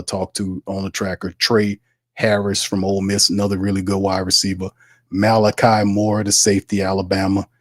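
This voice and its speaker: A man hosting a casual sports talk livestream, animated and slangy, calling his viewers fam and rambling loosely between points. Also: lowish voice, no echo, clean studio sound. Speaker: sports talk show host.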